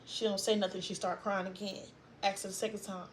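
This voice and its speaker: Young woman w/ aave telling a sad story, halting, trailing off, faint hiss behind her. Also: on the high side, fairly even intonation. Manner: halting, trailing off, fighting tears. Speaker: vlogger. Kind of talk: emotional personal storytelling.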